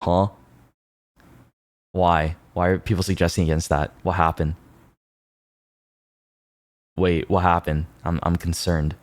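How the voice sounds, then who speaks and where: A man streaming casually, reacting to viewers' posts in an excitable, sweary way. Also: deep voice, slow, pauses often, dry recording. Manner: excitable, swears freely, jumps between mumbling and loud outbursts.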